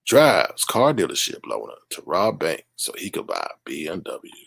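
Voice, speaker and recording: Lively middle-aged man reading news. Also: deep voice, normal speed, vocal fry, slightly rough, dry recording, clean studio sound. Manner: animated, exclaiming and laughing at the story; reads news aloud and talks to the chat. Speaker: live-stream host. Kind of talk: live-stream news commentary.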